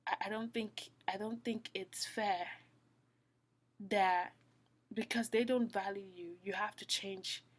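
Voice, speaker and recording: An earnest woman speaks an informal devotional message to the listener. She repeats phrases for emphasis and often sinks into a soft, close whisper before her voice rises again with conviction. Her pitch sits in a middling range. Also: fairly even intonation, takes it slowly. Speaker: Christian speaker. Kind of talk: heartfelt spoken devotional talk.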